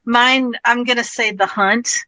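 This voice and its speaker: A woman speaks on a convention panel in a bright, forward voice with a dry, close sound. She retells stories chattily and with feeling, filling the gaps with frequent ums. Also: on the high side, fairly even intonation, a little slow, dry recording, low-quality recording. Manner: chatty, retells stories with warmth and many fillers.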